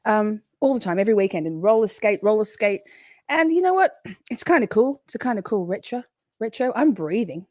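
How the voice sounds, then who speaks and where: A woman's voice: mid-range voice, big pitch swings, a little fast, darkish tone, no echo, clean studio sound. A woman in her forties, hosting a casual livestream, chatting loosely, swearing freely and greeting viewers by name. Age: 40s. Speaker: livestream host.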